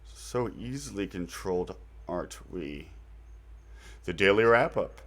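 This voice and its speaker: A man's voice: low-pitched, animated, a little slow, a bit bright. A man hosting his own channel, talking through recommendations in a loose, rambling way with fillers and mild slang. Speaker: channel host introducing his website. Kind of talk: casual unscripted monologue.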